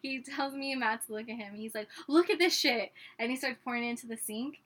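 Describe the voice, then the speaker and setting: A woman's voice: a little high, fast talker. A young woman co-hosting a casual chat, telling a funny story with lots of giggling. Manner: giggly, animated anecdote-telling. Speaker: podcast co-host.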